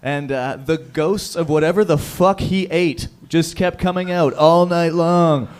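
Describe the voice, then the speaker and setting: A man's voice: a little high, unhurried, darkish tone, clear, resonant tone. A man hosting a stand-up comedy show, bantering loosely with the crowd and swearing freely. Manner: loose, profane, crowd-hyping. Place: comedy show stage before a live crowd.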